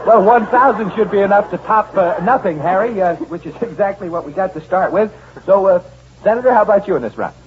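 A man hosting a comedy panel on radio, brisk and jokey. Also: sits high. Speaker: radio show host. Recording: tinny, noisy old radio broadcast.

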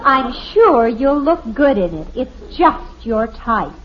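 A woman's voice: fairly high pitch, very animated, slow, crowd noise, background noise. A woman playing a status-conscious, dramatic teenage daughter who puts on airs, in a 1950s radio sitcom. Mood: teasing. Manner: affected, putting on airs, theatrical. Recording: dull lo-fi old radio recording.

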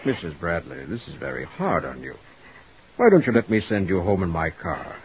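A man's voice: low voice, big pitch swings, moderate pace. A man playing a formal, patient postal official in an old radio drama, on a dull, faintly hissy recording. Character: stiff, polite male postal official, Mr. Rogers. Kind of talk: 1940s radio drama acting.

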